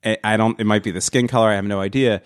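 A man's voice: on the low side, steady tone, racing, smooth, no echo, clean studio sound. A man, casually telling a comedic story as a podcast co-host, profane and exasperated.

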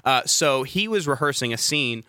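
Young guy tour guide from georgia, southern accent mostly hidden, bright voice, dry close sound. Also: medium pitch, moderate pace, no echo. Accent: neutralized Southern US. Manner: animated, playful, acts out quoted voices. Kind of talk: casual storytelling chat.

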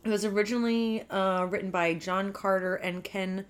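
A woman's voice: mid-range voice, fairly even intonation, moderate pace, smooth. A woman co-hosting a music podcast in casual, giggly chat, with plenty of fillers. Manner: giggly, chatty, with many fillers. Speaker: podcast co-host.

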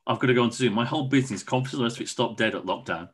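A man's voice: mid-range voice, rapid-fire, fairly bright tone, husky. Enthusiastic man repeating himself. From Cornwall, England. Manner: enthusiastic, repeats words often. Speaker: podcast guest. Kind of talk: casual conversation. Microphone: video call.

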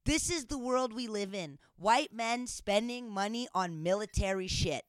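A woman's voice: mid-range voice, animated, measured pace, no echo, studio quality. A woman co-hosting a podcast, speaking emphatically and addressing listeners directly. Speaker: podcast co-host. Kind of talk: casual podcast chat.

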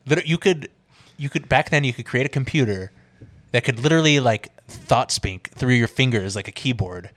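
A man's voice: medium pitch, expressive, normal speed, a bit bright. A young man with an ordinary mid-range voice chats on a podcast. He laughs a lot, swears freely and acts out comedy bits as he retells them. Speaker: podcast co-host. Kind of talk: casual podcast chat.

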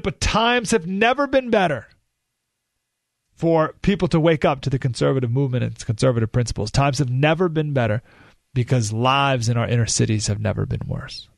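A male radio host speaking into a studio microphone, his voice sitting a little high. He rants emphatically and drops sarcastic asides. The sound is dry and close. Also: vocal fry, dry recording. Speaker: radio talk show host. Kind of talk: political talk radio monologue.

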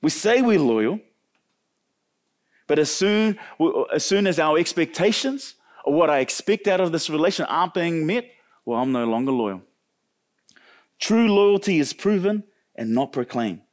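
A man delivers a sermon in a conversational, animated way. His voice sits a little high for a man, and he acts out the characters he quotes with sudden leaps in pitch. He often repeats and restarts his words as he goes. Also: unhurried, pauses often. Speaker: pastor.

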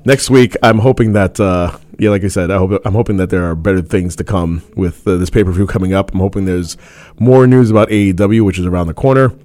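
A man co-hosting a casual podcast in a low voice, rambling and restarting often and breaking into laughter. The sound is dry and close, with no room around it. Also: a little mellow, no room sound. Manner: rambling, halting, frequent laughs and fillers. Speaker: podcast co-host.

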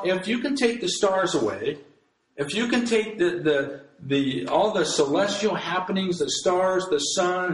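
Earnest male pastor, echoey room. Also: high voice. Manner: earnest, emphatic, with frequent restarts. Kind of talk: sermon.

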